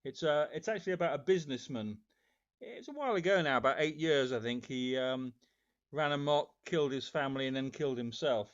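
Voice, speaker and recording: Man introducing his song, halting. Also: medium pitch. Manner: halting, uneasy. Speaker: singer-songwriter. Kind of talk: introducing a song on a video call. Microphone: video call. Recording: dull lo-fi sound.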